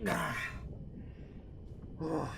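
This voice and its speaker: A man voicing a thirsty, grumbling bloke in an animated show who keeps cursing. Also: on the high side, very slow, vocal fry, heavily acted. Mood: frustrated. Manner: cursing, groaning.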